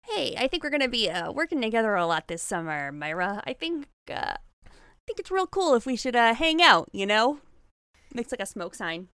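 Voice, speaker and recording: Brief: easygoing, flirty camp guy with a bright, lilting voice, played by a woman. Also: a little high, big pitch swings, normal speed, clean tone, no echo, studio quality.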